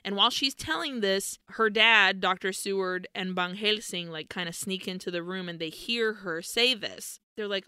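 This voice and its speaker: A woman's voice: mid-range voice, normal speed, hardly any pauses, bright, forceful tone, clear, resonant tone, no echo, studio quality. A woman co-hosting a podcast, casually and animatedly retelling a film plot, acting out characters' lines and swearing freely. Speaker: podcast co-host. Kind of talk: casual chat recapping a film.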